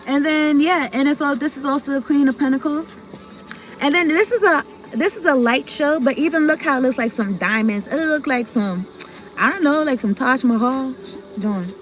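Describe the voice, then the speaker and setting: A woman with a high-sitting voice speaks at a normal speed while doing a relaxed tarot reading for viewers. She wanders, breaks off mid-thought, and talks in slang, swearing now and then.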